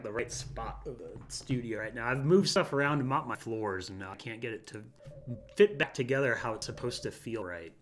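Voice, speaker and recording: Animated male streamer chatting. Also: mid-range voice, slight background noise. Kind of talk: casual chat while playing. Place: home studio.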